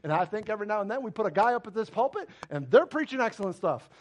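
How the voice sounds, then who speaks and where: A man's voice: high-pitched, expressive, rapid-fire, a little hiss or hum. A man preaching a sermon as pastor, emphatic and full of direct questions to the congregation. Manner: emphatic, preaching with rising and falling intensity.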